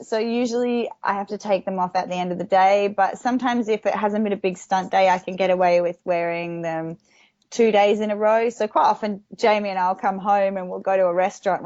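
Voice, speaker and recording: An Australian woman chatting in an interview, with a medium-pitched voice. She talks loosely, laughs often and slips into little quotes of other people. The sound is dry and a bit dull. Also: a little mellow, no room sound. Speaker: interview guest, stunt performer. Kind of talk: casual interview chat.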